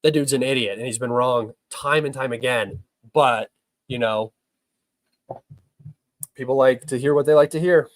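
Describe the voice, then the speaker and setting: A man's voice: mid-range voice, normal speed, pauses often, no room sound, poor audio. A young man hosting a live stream, reading chat questions and answering them in a blunt, argumentative way, sometimes swearing. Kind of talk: heated live-stream commentary.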